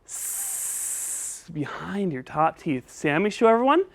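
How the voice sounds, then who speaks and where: A woman's voice: mid-range voice, big pitch swings, a little slow. A woman teaching a children's speech lesson, patient and encouraging, coaching step by step.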